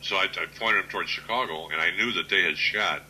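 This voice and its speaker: A man in his sixties, a guest author, telling plainspoken stories at an unhurried pace in a casual interview. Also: low voice, sharp tone, slight background noise, low-quality recording. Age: 60s.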